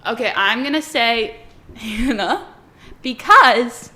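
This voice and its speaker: A woman's voice: medium pitch, normal speed, a bit bright. A young woman co-hosting a podcast, chatting casually with giggles and emphatic reactions. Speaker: podcast co-host. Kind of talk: casual chat.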